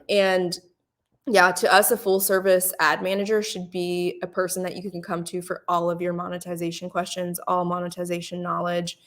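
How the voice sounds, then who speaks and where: A young adult woman walks an audience through advice in a relaxed webinar. Her voice sits a little low for a woman. She talks casually, leaning on "um" as she gathers her thoughts. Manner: casual, filler-heavy explaining with frequent "um". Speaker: ad network support manager. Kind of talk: webinar presentation.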